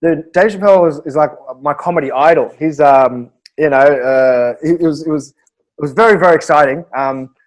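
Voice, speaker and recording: An Australian man, a guest comedian, telling animated anecdotes in a podcast interview and chuckling through his own stories. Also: fairly high pitch, moderate pace, low-quality recording.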